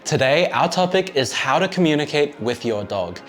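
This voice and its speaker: A man narrating a scripted dog-training lesson in a clear, friendly teaching tone. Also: fairly high pitch, lively intonation, normal speed.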